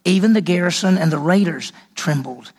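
A man's voice: sits high, fairly quick, a little mellow. A man teaching a Bible lesson as a sermon, telling the story with animation and acting out the characters' voices.

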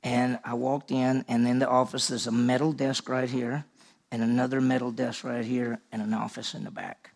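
In a large room with an audience, a man originally from Mississippi delivers sermon storytelling, recounting a personal experience and performing the dialogue himself. He speaks at a normal speed in a level, medium-pitched voice that is creaky and darkish in tone.

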